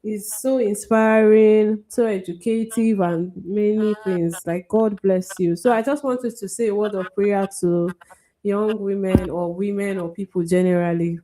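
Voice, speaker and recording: A woman hosting a live-stream interview, thanking her guest warmly and at length. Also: medium pitch, steady tone, a little slow, a little hiss or hum. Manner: gushing, thankful. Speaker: host.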